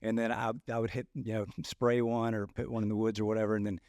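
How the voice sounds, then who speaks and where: A man co-hosting a podcast, telling a story in a halting way, repeating words and laughing as he goes. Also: fairly low pitch, level tone, a little mellow, no echo, studio quality. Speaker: podcast co-host. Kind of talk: casual storytelling chat.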